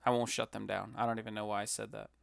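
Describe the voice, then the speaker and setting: A man's voice: lowish voice, flat delivery, fast, creaky, clear, resonant tone, no room sound. A man casually commenting while building on a live stream, joking and rambling with self-mocking asides.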